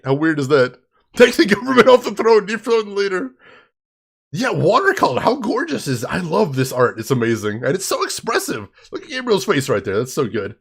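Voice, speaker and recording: A man's voice: sits high, big pitch swings, a little fast, vocal fry, fairly bright tone, slightly rough. A man hosting a casual game commentary, joking around like a playful showman with mock-grand announcements. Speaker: let's play host.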